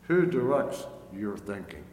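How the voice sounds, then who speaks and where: A man preaching a sermon in a church, earnest and slow, pressing the congregation with emphatic questions. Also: lowish voice, big pitch swings, darkish tone, a little hiss or hum. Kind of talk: sermon with invitation. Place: church sanctuary. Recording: echoey hall, long reverb, faint ambience.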